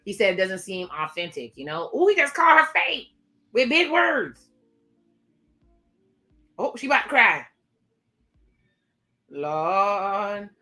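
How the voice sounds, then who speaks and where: A woman's voice: mid-range voice, big pitch swings, slow pace, long pauses, bright, forceful tone, faint music behind. A woman hosting a casual reaction video, chatty and sassy, talking straight to her viewers. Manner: chatty, sassy asides to viewers, frequent laughs.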